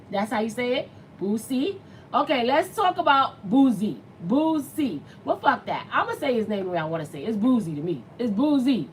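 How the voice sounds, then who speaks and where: A woman's voice: sits high, expressive, normal speed, slight background noise, poor audio. Chatty late-thirties woman host. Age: late 30s. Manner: chatty, blunt, reads viewer comments aloud. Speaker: show host. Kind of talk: casual livestream chat.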